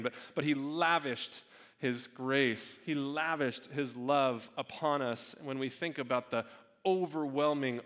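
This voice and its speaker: A young man preaching a sermon as a pastor, earnest, repeating words and dropping to a hush on key phrases. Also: mid-range voice, big-room sound. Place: church sanctuary.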